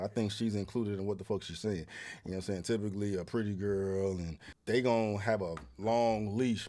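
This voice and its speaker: A man's voice: on the low side, a little mellow. A man hosting a reaction show, talking bluntly in heavy slang and profanity. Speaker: commentary host reacting to clips. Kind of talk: casual reaction commentary.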